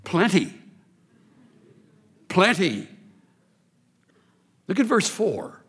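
A man delivers a sermon from the pulpit with lively, swinging emphasis. His voice is bright and fairly high for a man. It rings with a long reverb, as in a church sanctuary. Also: very slow, breathy edge. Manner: animated, emphatic preaching with rising intensity. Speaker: preacher. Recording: reverberant hall.

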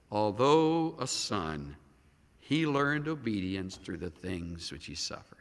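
A man preaching a sermon as a pastor, dramatic, swinging between loud emphasis and hushed near-whispers. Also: medium pitch, lively intonation, slow. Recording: long hall reverb.

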